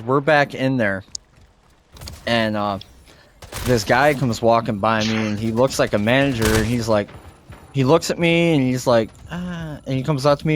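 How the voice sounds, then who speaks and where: A man telling a story on a casual podcast, full of swearing and acted-out quotes of the people involved. His pitch sits in the middle range for a man. There is a faint hiss of noise under his voice. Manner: profane storyteller acting out quotes. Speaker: podcast co-host.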